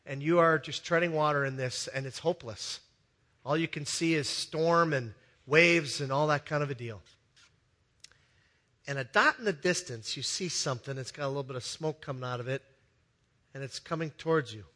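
Man, pastor, sermon, bright tone, somewhat high pitch, storytelling that swings from loud to hushed. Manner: storytelling that swings from loud, excited passages to soft, hushed ones. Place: church with a balcony.

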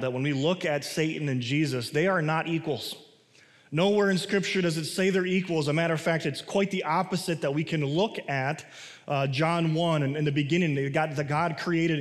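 Guy preaching in church, kinda high voice, big echoey hall, chatty then slow and stressed. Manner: casual asides with restarts, slows down for emphasis. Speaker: pastor. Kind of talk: sermon.

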